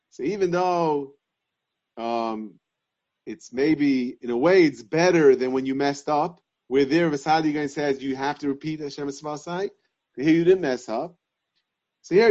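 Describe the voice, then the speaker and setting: A man giving a Talmudic lesson, reasoning aloud in halting, repeated phrases. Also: a little high, a little mellow. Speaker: Torah class teacher. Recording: dull lo-fi sound.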